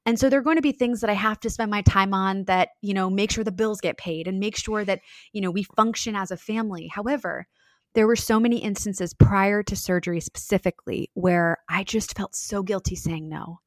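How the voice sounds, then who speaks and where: A woman's voice: mid-range voice, a little fast, dry recording, studio quality. A woman in her thirties speaking earnestly and reflectively as a podcast guest, with many fillers and restarts. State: briefly tearful. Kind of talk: heartfelt podcast conversation.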